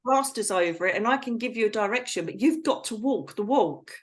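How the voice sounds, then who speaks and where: A woman's voice: medium pitch, expressive, brisk. A middle-aged woman speaking over a video call as a psychic medium guest, talking bluntly and with animation and frank slang. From Britain. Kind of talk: casual interview chat.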